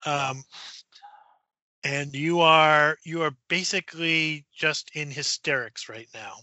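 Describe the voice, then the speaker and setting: A man running a tabletop horror game as game master, narrating with halting fillers and dropping to a whisper for eerie moments. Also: a little high, pushed and bright, no echo, highs cut off. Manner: halting, many fillers, drops to a whisper for spooky parts.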